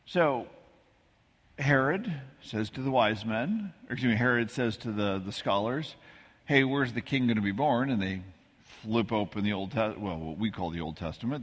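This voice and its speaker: A man's voice: fairly low pitch, lively intonation, brisk. A man from the American Midwest giving a sermon as pastor, telling stories in a casual, self-deprecating way with frequent asides. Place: church sanctuary. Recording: husky voice with long church reverb.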